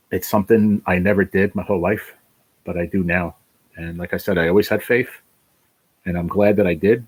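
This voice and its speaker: A man's voice: low voice, husky. A middle-aged man hosting a casual livestream chat, blunt and emotional, swearing freely and wandering off on tangents. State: fighting back tears. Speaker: channel host.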